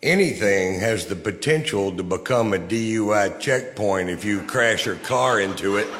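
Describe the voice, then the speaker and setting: A man doing a stand-up comedy set of wry, deadpan one-liners. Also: on the low side, normal speed, big-room sound, noisy background.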